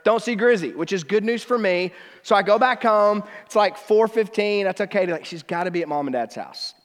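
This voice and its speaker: A pastor in his thirties tells a story from the pulpit, dropping to hushed tones and then rising with excitement. His voice sits high for a man. The sound rings with the long reverb of a church sanctuary. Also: brisk. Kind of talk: sermon with personal story.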